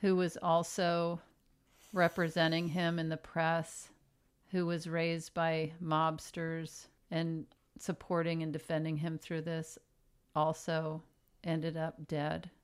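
A middle-aged woman co-hosting a casual podcast with a dry, deadpan humor. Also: low voice, takes it slowly, smooth. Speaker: podcast co-host.

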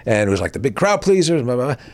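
Sixties male guest, mid-pitched, animated storyteller who acts out the people he quotes. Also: fast talker. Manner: animated anecdotes with bursts of high-pitched quoted voices. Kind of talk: casual chat, storytelling.

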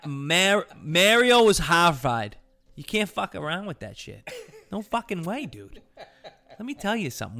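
A young man with a somewhat high voice co-hosts a podcast in loose, casual chat. He jokes, swears and laughs often, keeping it easygoing. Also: vocal fry, fairly bright tone. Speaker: podcast co-host.

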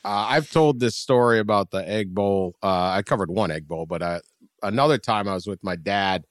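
A man telling a personal story in casual podcast chat, laid-back and rambling, and louder when he reaches the punchlines. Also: on the low side, moderate pace, no echo, studio quality.

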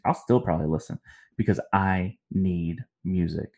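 A young man hosts a podcast with a very low, deep voice. He talks in a laid-back, rambling way, full of slangy asides and loose stories. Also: fairly even intonation, normal speed, creaky, dark tone. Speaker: podcast host. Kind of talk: casual chat.

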